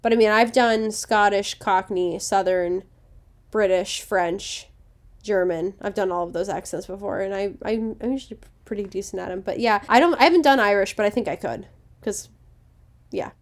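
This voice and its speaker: A woman's voice: medium pitch, normal speed. Chatty confident woman podcast co-host. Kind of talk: casual chat.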